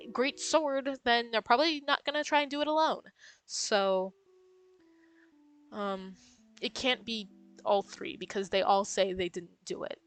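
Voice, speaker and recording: Woman streamer musing aloud, music behind. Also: on the high side. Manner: muses aloud, hesitant, with many ums. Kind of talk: casual game playthrough, reading aloud and thinking out loud. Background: game music.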